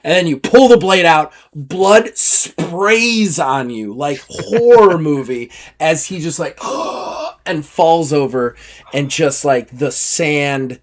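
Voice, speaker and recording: A man's voice: on the high side, slow pace, slight background noise. A man narrating as game master of a tabletop game, telling the action vividly and in a loose way, with many fillers. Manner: vivid, animated storytelling with filler "like".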